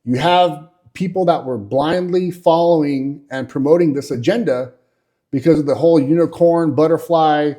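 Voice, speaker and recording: A man's voice: a little high, normal speed, warm tone. A man, hosting and telling workplace stories in a blunt, profane, casual monologue full of fillers. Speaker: podcast host.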